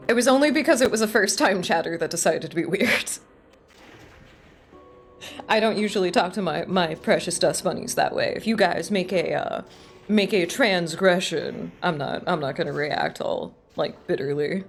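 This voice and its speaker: A woman streaming a video game, chatting casually with quick, profane, joking asides and frequent laughter. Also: lowish voice, soft background music.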